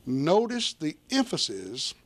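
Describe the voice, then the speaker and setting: A man's voice: a little high, huge pitch swings, slow. A man preaching a sermon, reading scripture aloud and explaining it plainly to his listeners. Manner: reads scripture in old-fashioned wording, then explains it plainly to listeners; addresses listeners directly as folks.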